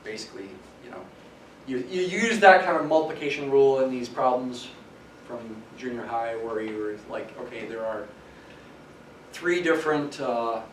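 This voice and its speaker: A man's voice: mid-range voice, animated, normal speed. Male lecturer in an echoey classroom. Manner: explanatory, stresses key words. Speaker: math professor. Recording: echoey classroom from some distance, faint hiss.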